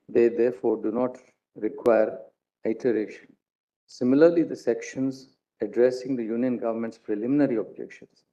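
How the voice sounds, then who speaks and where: Indian English man, mid-pitched and dark, careful formal judgment reading, muffled feed. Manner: formal, careful reading with small self-corrections. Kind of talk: reading a court judgment aloud. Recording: dull lo-fi courtroom broadcast.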